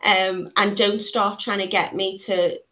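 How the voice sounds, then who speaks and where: A chatty, bubbly woman hosts a live craft stream, greeting viewers and reacting to their comments. Her voice sits at an ordinary middle pitch for a woman. She laughs often between phrases in a relaxed, casual way. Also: measured pace. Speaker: host of a live beading tutorial.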